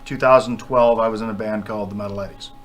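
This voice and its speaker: A man's voice: on the low side, fairly even intonation, fast. A man guest on a radio show, telling stories in a chatty, self-deprecating way and laughing often. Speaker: band member guest. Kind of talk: casual radio interview storytelling.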